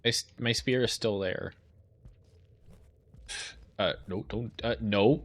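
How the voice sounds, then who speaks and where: A man's voice: lowish voice, slow pace, long pauses, fairly bright tone. A man streaming a video game, talking through his play with profane, exasperated running commentary. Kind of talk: live gameplay commentary.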